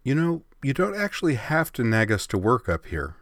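A man voicing a brash, cheeky tomboyish teenage girl, raising his voice into a higher register. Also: big pitch swings, normal speed, fairly bright tone, no echo, studio quality. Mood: wry. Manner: cheeky, whiny.

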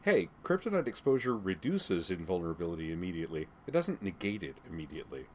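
A wry young man teases with dry humor in a deep voice, as a man voices him in a storybook reading. Faint background hiss. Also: very animated, fast, a little mellow. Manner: wry, teasing.

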